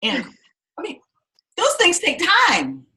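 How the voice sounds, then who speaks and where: A woman writing coach telling an animated story to a class, loud one moment and soft the next, acting out the lines she quotes. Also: very high-pitched, slow. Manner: expressive, swings loud and soft, acts out quotes.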